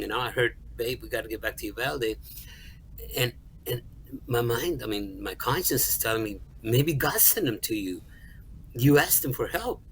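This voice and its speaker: A middle-aged man, a songwriter and music store manager, tells a personal story in an interview in an earnest, halting way, repeating words and acting out the dialogue he quotes. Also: medium pitch, fairly bright tone, slight background noise, rough recording.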